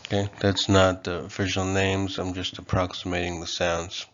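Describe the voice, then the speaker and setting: A man giving a casual online language lesson, relaxed and hesitant, with frequent ums and okays. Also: low-pitched, normal speed, muffled recording. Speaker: language teacher.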